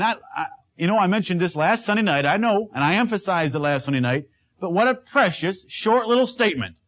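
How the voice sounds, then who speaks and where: A man with a high voice preaches a sermon. He delivers it emphatically, hammering home a repeated line. He also asks his listeners direct questions. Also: lively intonation, fairly quick, fairly bright tone. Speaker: pastor.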